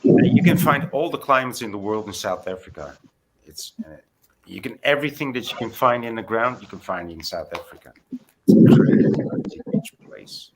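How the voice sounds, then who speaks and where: A man's voice: on the low side, animated, brisk, fairly bright tone, slight background noise, poor audio. A man in a casual discussion who muses in a rambling, philosophical way. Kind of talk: casual chat.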